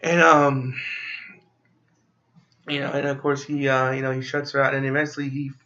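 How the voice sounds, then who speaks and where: A man's voice: mid-range voice, flat delivery, moderate pace, pushed and bright, dull audio. A man casually recapping a film plot as a movie reviewer, rambling with many fillers and restarts.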